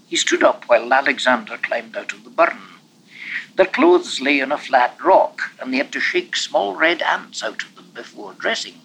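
A man narrating a novel in an expressive, measured reading voice. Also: medium pitch, slight background noise, low-quality recording. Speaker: audiobook reader. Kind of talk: storybook narration.

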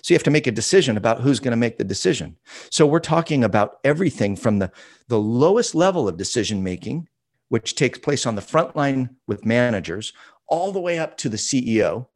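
A man's voice: medium pitch, darkish tone. A man, an author and consultant, answering interview questions in an emphatic storytelling way that repeats key phrases.

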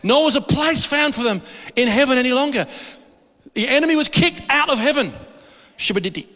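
A man preaching a sermon in a church hall, animated and jokey, asking the congregation questions. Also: very high voice, a little fast. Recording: long hall reverb.

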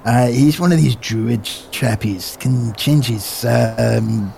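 A man's voice: medium pitch, slow pace, gravelly, a little mellow, a little hiss or hum. A man voicing an easygoing, blunt male adventurer who teases and swears offhandedly, in tabletop role-play. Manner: casual, teasing, swears offhandedly.

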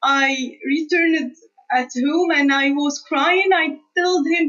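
A woman's voice: sits high, slow, a bit bright. A woman answering interview questions as a guest scientist, earnest and hesitant, with restarts and light laughs. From Tunisia. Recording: distant, dull remote recording.

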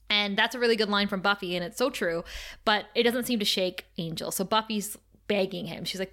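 A woman's voice: medium pitch, a little fast, a bit bright. A woman co-hosting a podcast in casual chat, retelling a TV episode by reading its lines aloud and laughing often. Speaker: podcast co-host recapping a TV episode.

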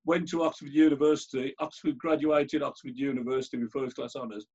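A man's voice: mid-range voice, little pitch movement, brisk, a little mellow, breathy edge, dull audio. A man with a Birmingham accent hosting a conversation, talking casually and often restarting his phrases. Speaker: host and chair.

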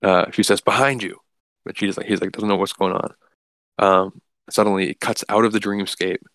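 A man's voice: low-pitched, flat delivery, brisk, fairly bright tone, dry recording. A man casually recapping a comic book story, rambling with lots of "like" and restarts.

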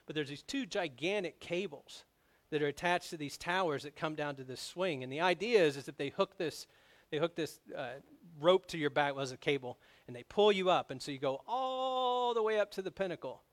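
Animated storytelling male pastor. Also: on the high side, brisk. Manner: storytelling, animated, grows loud on emphasis. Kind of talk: sermon.

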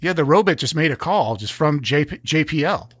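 A man's voice: a little high, expressive, brisk, a bit bright, slightly rough, dry recording, clean studio sound. A man co-hosting a comedy podcast, making wry, laughing asides. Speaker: podcast co-host. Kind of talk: casual comedic chat.

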